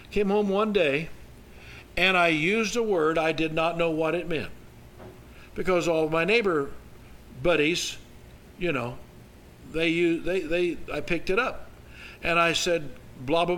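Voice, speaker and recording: A man's voice: fairly high pitch, normal speed, long pauses, a bit bright, low-quality recording. Older man preaching a folksy sermon. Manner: folksy storytelling with emphatic rises. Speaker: pastor.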